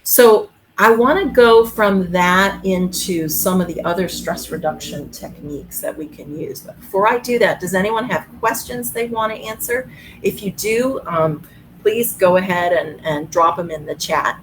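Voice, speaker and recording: A woman's voice: mid-range voice, moderate pace, background noise. A woman doctor hosting a webinar in casual talk, easygoing, with many fillers and restarts. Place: video call.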